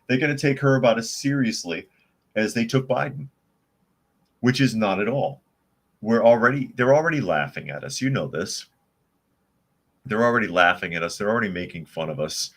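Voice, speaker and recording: A man's voice: lowish voice, expressive, moderate pace. A man hosting a live news podcast, reading viewer chat and commenting with sarcastic indignation. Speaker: podcast host.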